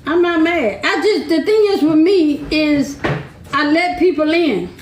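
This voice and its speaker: A very high-pitched woman talks bluntly and with emphasis, laughing between points. Her voice rings through an echoey room in this casual chat. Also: expressive, measured pace. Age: 50s. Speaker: podcast co-host.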